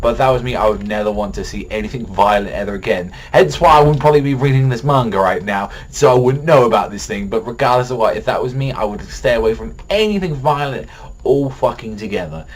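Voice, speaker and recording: A man's voice: medium pitch, fast. A young man casually reviewing a manga chapter in a rambling, profane, worked-up way.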